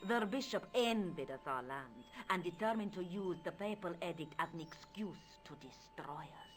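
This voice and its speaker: A woman's voice: on the low side, lively intonation, normal speed, soft background music, lightly acted. A woman voicing a haughty countess. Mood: proud. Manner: formal, imperious, dramatic. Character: proud Spanish countess, haughty, bitter, later hopeful. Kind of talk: video game voice acting.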